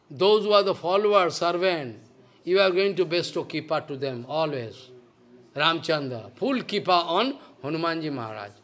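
Male spiritual teacher, high voice, emphatic scolding devotional sermon. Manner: emphatic and scolding, swinging between loud and hushed. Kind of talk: devotional lecture.

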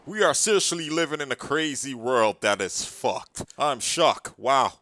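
A man playing a brash immigration officer, loud and swaggering, sometimes sing-song and sometimes muttering. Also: medium pitch, expressive, a little slow, dry recording. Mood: astonished. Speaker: skit creator. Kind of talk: comedy skit voice acting.

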